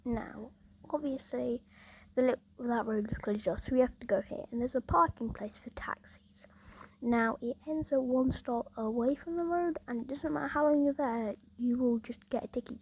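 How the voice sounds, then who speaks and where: A woman's voice: fairly high pitch, a little fast, a little mellow, husky, rough recording. A woman casually telling a rambling story, peppered with "like" and "obviously".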